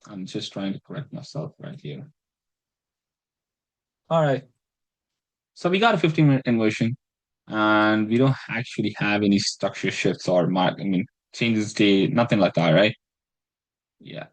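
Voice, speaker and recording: A man with a fairly low voice walks through his trades in a loose, rambling way, cursing and putting himself down as he restarts his sentences. The recording is dry and close, with no room sound. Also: lively intonation, a little slow, pauses often, no room sound, rough recording. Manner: rambling and self-deprecating, swears freely, restarts phrases. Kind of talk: casual screen-recorded trading breakdown.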